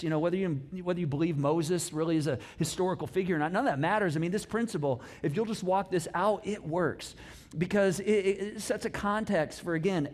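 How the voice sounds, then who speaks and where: A man's voice: high-pitched, a little mellow. A man preaching a sermon as a pastor, telling a story casually with playful asides and acting out the characters' lines. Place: church auditorium.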